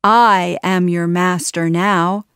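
A woman voicing a scheming male royal advisor who gloats and gives orders, reading slowly in a dry room. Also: fairly low pitch, fairly even intonation, fairly bright tone, clean tone, no echo. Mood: gloating. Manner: commanding, gloating.

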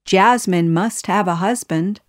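A woman's voice: medium pitch, a little slow, no room sound, studio quality, lightly acted. A woman voicing a fretful, kindly old king in a storybook reading, insistent with his daughter.

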